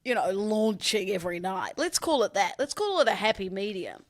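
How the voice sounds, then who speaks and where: A woman co-hosting a casual podcast, teasing her co-host and chiming in with quick reactions. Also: mid-range voice, expressive, no echo, clean studio sound.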